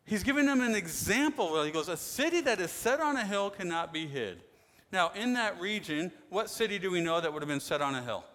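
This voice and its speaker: A man's voice: sits high, very animated, a little fast. Emphatic male pastor preaching in a hall. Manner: emphatic preaching, swings from loud to soft. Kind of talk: sermon. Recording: long hall reverb.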